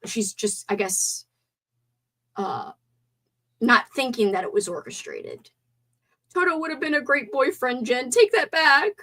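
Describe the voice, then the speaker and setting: A young woman hosting a casual live stream movie talk, animated, swearing and gasping as she reads out chat comments. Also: a little high, a little slow, pauses often.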